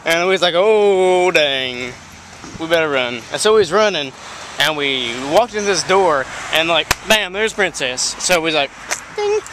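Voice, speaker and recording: A man's voice: on the high side, fairly quick, pushed and bright, slight background noise. A man telling a rambling, improvised story outdoors, full of "like" fillers and repeated words.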